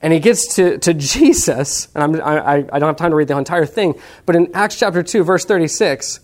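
A man preaching a sermon to a live audience, lively and humorous, checking in with the listeners and acting out what people say. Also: fairly high pitch, brisk. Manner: talks to the audience with many "okay?" checks. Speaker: pastor teaching on evangelism.

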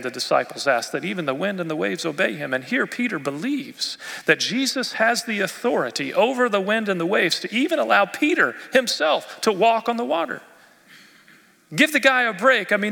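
A male pastor preaching a sermon expressively, rising in force and dropping to near quiet. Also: high voice, gravelly. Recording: long reverb of a church hall.

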